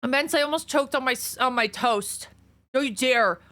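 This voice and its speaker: A woman's voice: sits high, normal speed, a bit bright. A woman streamer chatting casually with her viewers, a bit out of breath, greeting people by name. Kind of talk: casual chat reading viewer messages.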